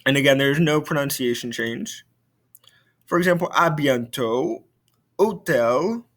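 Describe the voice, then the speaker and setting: A man's voice: medium pitch, lively intonation, a little slow, a bit bright. A male French teacher giving a recorded video lesson, explaining patiently and repeating key points.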